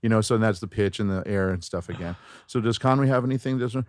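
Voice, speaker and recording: Animated man explaining voice matching. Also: on the low side, fast talker, no room sound, studio quality. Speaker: voice actor guest. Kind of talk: casual interview chat.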